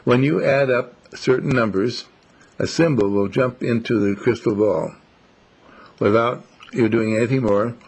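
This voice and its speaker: A man giving a slow, musing, reflective monologue, telling stories as he goes. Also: medium pitch, gravelly, a little mellow, breathy edge. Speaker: speaker.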